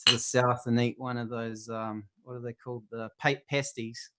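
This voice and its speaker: A man's voice: mid-range voice, little pitch movement, moderate pace, bright, forceful tone. A man with a New Zealand accent, hosting a stream and chatting casually in a laid-back, rambling way full of fillers. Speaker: stream host. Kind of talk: casual chat.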